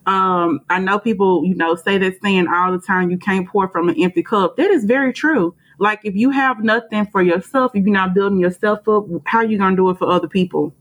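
A woman therapist joins a podcast as a guest and answers in a relaxed, thoughtful manner. Her talk is loose and conversational, filled with ums and you knows. Her voice sits at a middle pitch. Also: fairly quick, few pauses. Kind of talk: casual interview answers.

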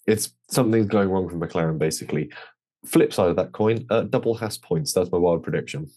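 Deep mellow man, wry podcast host. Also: a little fast. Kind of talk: casual chat.

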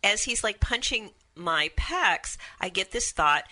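Bright-voiced woman telling a candid story. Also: medium pitch, measured pace. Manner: candid, animated storytelling with acted quotes. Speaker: podcast guest storyteller. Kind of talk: casual chat.

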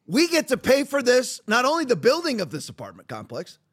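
A man with a strikingly high-pitched voice hosts a podcast in an opinionated monologue. He is combative and mocking. He often restarts his sentences mid-thought. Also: wildly swooping pitch, a little fast. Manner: rambling with frequent restarts. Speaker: podcast host.

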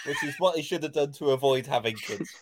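A man co-hosting a podcast, teasing his friends loudly and laughing. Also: medium pitch, fast talker, crowd noise. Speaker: podcast co-host. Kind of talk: casual chat.

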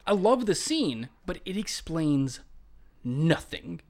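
Chatty man with a slightly high voice. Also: takes it slowly. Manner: animated storytelling, rambling asides. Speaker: podcast co-host reviewing films. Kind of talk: casual chat.

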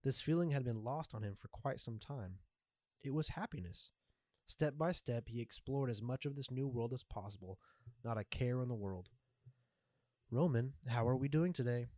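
A man reading a story aloud in a measured, even way. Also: mid-range voice, no echo. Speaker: narrator. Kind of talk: scripted story narration.

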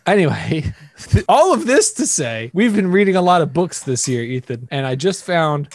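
An American man co-hosting a podcast in casual chat, animated and given to jokey rants. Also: a little high, moderate pace, no room sound. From United States. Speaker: podcast co-host.

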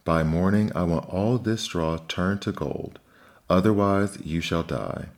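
A man with a very deep voice voicing a greedy fairy-tale king who gives curt commands in a storybook reading. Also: unhurried. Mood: commanding.

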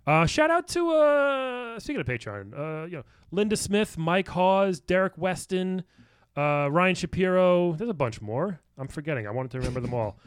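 A man's voice: high voice, very animated, moderate pace, clean tone, no echo. Rambling, jokey podcast co-host man. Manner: loose and rambling, stumbling restarts, jokey. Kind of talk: casual comedy podcast banter.

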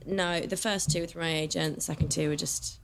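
A woman with a fairly low voice talks freely as a podcast guest, casual and quick to swear. Faint background noise sits under the recording. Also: fairly even intonation, gravelly. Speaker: actress guest. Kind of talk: casual chat.

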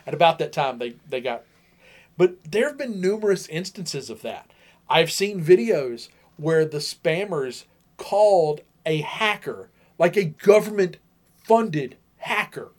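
High-voiced animated male podcast host. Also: measured pace. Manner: animated, acts out quoted voices, laughs often. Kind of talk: casual storytelling chat.

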